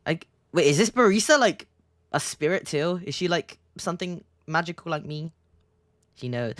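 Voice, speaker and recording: A woman's voice: lowish voice, animated, normal speed, dry recording, clean studio sound. A woman streamer chatting playfully and reading a game aloud, giggling and teasing. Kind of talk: casual commentary while reading a game aloud.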